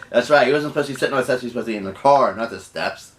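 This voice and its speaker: A man's voice: medium pitch, very fast, far from the mic. A man casually telling a storytime tale, rambling with lots of restarts and "you know"s. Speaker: vlogger.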